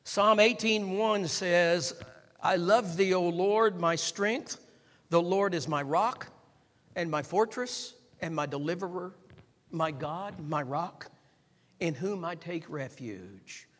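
A man preaching a sermon, repeating phrases and building up to shouts, and calling on the congregation to respond. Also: high voice, slow pace. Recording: long hall reverb.

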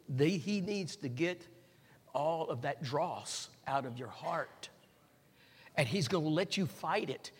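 A man preaching a sermon, repeating phrases and building up to shouts, and calling on the congregation to respond. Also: a little high, slightly rough. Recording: long hall reverb.

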